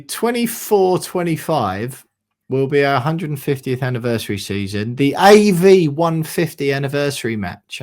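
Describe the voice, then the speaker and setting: A man hosting a casual football podcast, chatty and easygoing, who laughs often. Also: mid-range voice. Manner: chatty, laughs easily, says mate. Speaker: podcast host.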